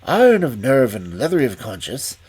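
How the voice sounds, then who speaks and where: A man reading a detective story aloud as a storyteller, in an expressive manner. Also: mid-range voice, brisk, slightly rough.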